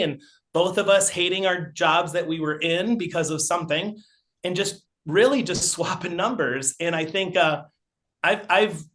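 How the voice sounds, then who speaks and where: A man's voice: high voice, a bit bright. A middle-aged man and podcast guest, telling casual, rambling anecdotes full of fillers. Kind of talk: casual storytelling.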